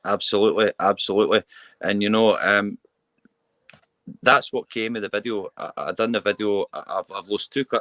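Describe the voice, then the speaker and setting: A Scottish man with a deep, low-pitched voice talks with open, earnest feeling. He often restarts and repeats words as he pushes his point. The sound is dry and close, with no room echo. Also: brisk, a bit bright. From Scotland. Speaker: mental health campaigner, guest. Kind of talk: candid interview talk.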